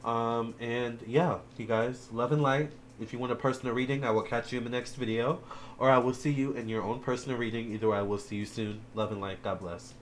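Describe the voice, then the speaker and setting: A man's voice: medium pitch, steady tone, a little fast, a little hiss or hum. Chatty man giving a tarot reading. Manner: chatty and emotional, addresses viewers as y'all and child. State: teary-eyed. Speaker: tarot reader. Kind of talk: casual tarot reading video.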